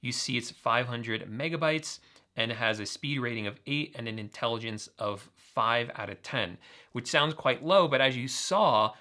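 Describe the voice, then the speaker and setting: A man's voice: mid-range voice, normal speed, bright, forceful tone. A man hosting a tech channel, walking viewers through apps in an upbeat, enthusiastic screen-demo tutorial. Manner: enthusiastic, talks straight to viewers.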